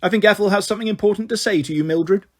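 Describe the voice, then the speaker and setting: A man's voice: high-pitched, rapid-fire. A man reading aloud and voicing a kindly headmistress who speaks fondly to her pupils. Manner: gentle, fond.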